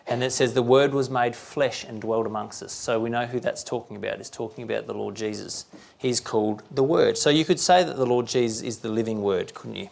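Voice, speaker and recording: A man delivers a sermon in a conversational, down-to-earth preaching style, often pausing to ask his listeners rhetorical questions. His voice sits at a mid pitch with a gravelly, creaky texture. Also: darkish tone.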